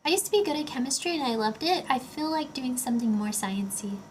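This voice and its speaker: A woman's voice: high-pitched, animated, fast talker, slight background noise. A young woman livestreaming casually, rambling and chatty with lots of filler words while she builds a Lego set and answers chat. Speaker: streamer.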